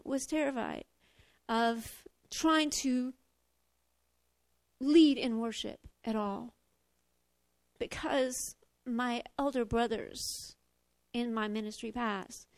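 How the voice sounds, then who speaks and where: A woman preaches with a high, bright-pitched voice, close to tears. She is expressive and confessional, swinging from loud declarations to hushed admissions. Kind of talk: emotional sermon.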